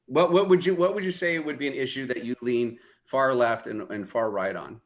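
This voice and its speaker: A man's voice: medium pitch, brisk. A man hosting a casual interview, asking short, probing follow-up questions. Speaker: host.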